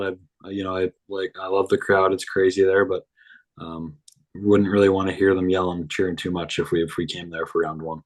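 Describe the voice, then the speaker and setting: A man's voice: low-pitched, rough recording. A young man, a hockey player chatting as a podcast guest in an easygoing, rambling way. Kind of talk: casual interview chat.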